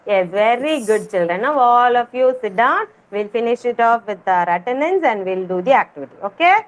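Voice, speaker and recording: A woman's voice: fairly high pitch, lively intonation, moderate pace. A woman teaching a kindergarten class over a video call, coaxing the children with sing-song, repeated questions. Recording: noisy video call audio.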